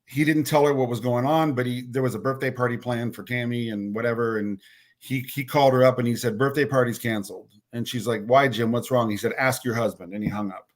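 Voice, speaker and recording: A man's voice: medium pitch, fairly even intonation, fast talker. A man telling a personal story as a podcast guest, bluntly and with some swearing. He trips over and repeats words, and he acts out what others said as quoted dialogue.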